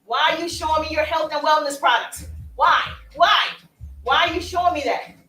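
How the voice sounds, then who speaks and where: A woman's voice: sits high, quick pace. A woman coaching on social media marketing, talking playfully and with emphasis as she walks along. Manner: animated, playful and emphatic, with asides and laughs. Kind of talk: energetic coaching talk to camera. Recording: roomy sound, voice from a distance.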